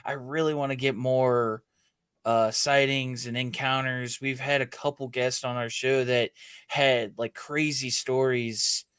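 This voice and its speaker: An easygoing man in a casual podcast chat, pausing with many fillers. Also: mid-range voice, little pitch movement, a bit bright, clear, resonant tone, dry recording, studio quality. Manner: easygoing, halting with many uhs and likes. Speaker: podcast co-host.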